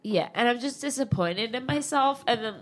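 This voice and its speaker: A woman's voice: on the high side, expressive, normal speed. Tearful nasal young woman rambling. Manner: emotional, rambling, swears freely. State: tearful, anxious. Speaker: podcast co-host. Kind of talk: casual chat.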